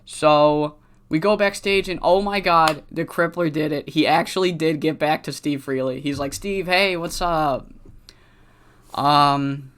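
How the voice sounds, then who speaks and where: A host giving casual, excitable commentary on a wrestling management game, swearing freely and laughing often. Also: mid-range voice. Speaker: gaming video host.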